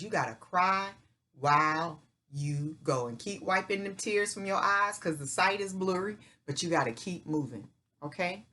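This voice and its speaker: A woman's voice: medium pitch, fairly bright tone. A middle-aged woman hosting her own channel, giving an emphatic, preacher-like motivational faith talk in folksy speech, repeating herself and checking in with "right?" and "okay?". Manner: folksy speech with "y'all" and "ain't". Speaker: channel host.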